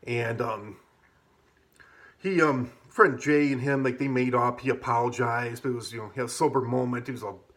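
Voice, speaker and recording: A man's voice: mid-range voice, fairly even intonation, normal speed, a bit bright. A man telling a casual personal story, rambling and profane, full of fillers. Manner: rambling, profane, many fillers like "like" and "you know". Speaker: vlogger.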